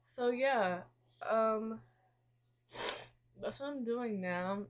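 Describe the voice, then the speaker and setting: A young woman at home venting to her camera in a casual, confessional way, soft and halting, a little emotional, with many pauses while she does her nails. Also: a little high. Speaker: vlogger. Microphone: camera set up nearby.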